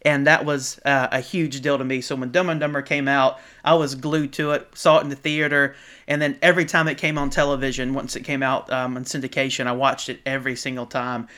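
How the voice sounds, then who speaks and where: A man's voice: mid-range voice, level tone, fairly quick, pushed and bright. A man in his thirties, a podcast guest, chatting enthusiastically and agreeing often. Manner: enthusiastic, keeps agreeing, laughs. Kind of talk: casual chat.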